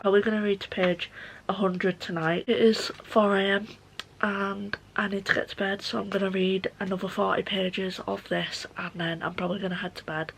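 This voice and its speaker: Young woman vlogger gushing about a book, lots of "like", some gravelly fry. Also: lowish voice, rough recording. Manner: gushing, excitable, heavy use of "like". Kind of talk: casual reading vlog chat.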